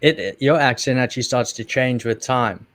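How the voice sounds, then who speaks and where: A man with a South African accent, co-hosting and explaining business steps in a calm, measured way. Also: mid-range voice, slight background noise. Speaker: co-host. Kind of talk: casual explanation.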